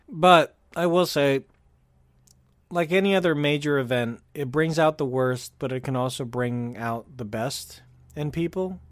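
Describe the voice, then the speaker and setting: A man's voice: fairly high pitch, unhurried, pauses often, no echo, studio quality. A man from California chatting casually on a podcast, rambling with fillers and restarts. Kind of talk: casual chat.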